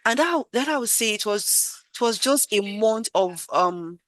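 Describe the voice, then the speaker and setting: A woman's voice: a little high, animated, a little slow, dry recording. Woman, gushing thank-you speech, dry close sound, video call. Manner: warm, effusive, gushing with gratitude. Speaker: program participant.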